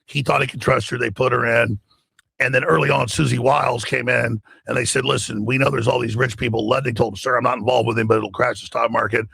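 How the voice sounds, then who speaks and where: A man with a gravelly, raspy voice delivering an emphatic, excited monologue as a talk show guest. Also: mid-range voice, fast talker, no echo. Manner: emphatic, acts out quoted voices.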